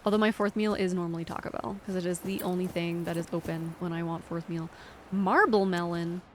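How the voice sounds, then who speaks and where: A woman's voice: on the low side, little pitch movement, fast talker, a little hiss or hum. Giggly rambling woman streamer. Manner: rambling, giggly, talks to chat. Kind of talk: casual live-stream chatter while gaming.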